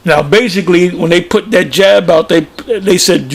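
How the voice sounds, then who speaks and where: A man's voice: high voice, normal speed, creaky. A man giving informal religious commentary, plain-spoken and emphatic, often repeating himself. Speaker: preacher.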